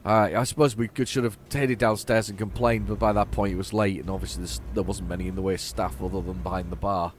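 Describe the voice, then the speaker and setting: A man's voice: on the low side, little pitch movement, fast, hardly any pauses, slight background noise. Rambling man narrating gameplay. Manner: rambling, chatty, self-deprecating. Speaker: let's play host. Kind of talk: casual gameplay commentary. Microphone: desk microphone.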